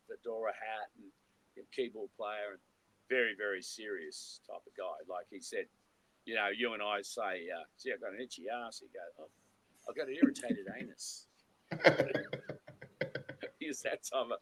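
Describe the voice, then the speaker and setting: A man's voice: on the low side, a bit bright, rough recording. A man, a co-host and musician, telling rambling anecdotes in a casual chat, acting out quotes and restarting his sentences.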